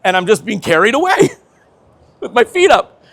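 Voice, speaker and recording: A man in his fifties, a veteran skateboarder telling an animated story, laughing often and swearing casually. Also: high voice, moderate pace, vocal fry.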